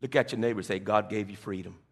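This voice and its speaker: A man's voice: lowish voice, fast, gravelly. A man preaching a sermon, calling on the congregation to repeat lines and restarting his phrases as he builds a point. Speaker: pastor.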